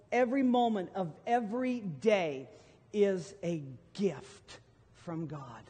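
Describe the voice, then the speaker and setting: A middle-aged man preaching a sermon as pastor, storytelling with emphatic, sudden loud bursts. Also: sits high, slightly rough. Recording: long hall reverb from a sanctuary.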